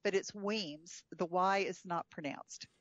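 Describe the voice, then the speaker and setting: A woman's voice: fairly low pitch, moderate pace, no room sound, dull audio. A woman guest telling a travel story in casual chat, chatty with frequent fillers and laughs. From United States.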